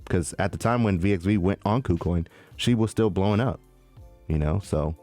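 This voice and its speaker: A fairly low-pitched man talking casually as a podcast co-host. He is animated and slangy and keeps calling people "man" and "dude". Faint music plays underneath. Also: normal speed. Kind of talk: casual chat.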